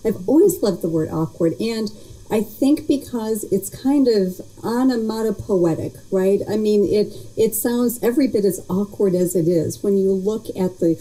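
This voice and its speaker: A woman's voice: mid-range voice, normal speed, warm tone, rough recording. A woman being interviewed as a guest, cheerful and thoughtful, laughing often. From United States. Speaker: guest, industry vice president. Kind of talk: casual interview chat.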